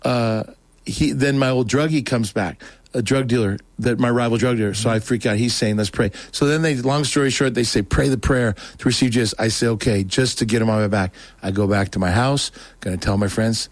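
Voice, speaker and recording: A man, a show guest, telling his conversion story in a rambling, animated way with many restarts. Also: medium pitch, brisk, no room sound. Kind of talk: casual spoken testimony.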